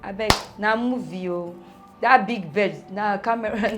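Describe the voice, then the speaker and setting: A young woman telling her own story in an animated way, with rhetorical questions and laughing asides. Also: medium pitch, unhurried. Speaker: interviewee. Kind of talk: personal storytelling. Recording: music playing underneath.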